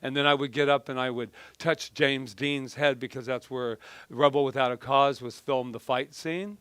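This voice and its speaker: A man's voice: medium pitch, fairly even intonation, normal speed, a bit bright, smooth, no room sound. A middle-aged man preaching a casual, conversational sermon, telling personal stories in a chatty, self-deprecating way with frequent restarts. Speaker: minister.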